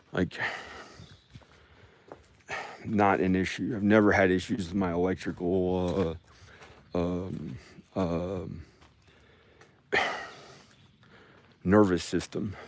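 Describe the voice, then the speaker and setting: Man, low voice, slow talker, rambling vlog, sighs, halting restarts, phone camera. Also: flat delivery, a little hiss or hum. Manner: halting, sighing, many restarts. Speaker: vlogger. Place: at home and outdoors in the country.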